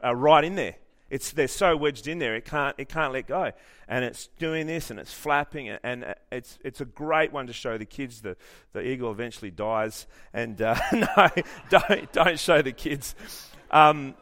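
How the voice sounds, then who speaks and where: Joking man preaching a sermon. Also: medium pitch. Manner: animated storytelling with jokes and frequent restarts. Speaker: pastor.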